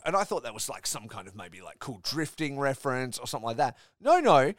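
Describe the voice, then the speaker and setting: A man's voice: on the high side, dry recording, clean studio sound. A man co-hosting a podcast, ranting animatedly and swearing in casual chat. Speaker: podcast co-host.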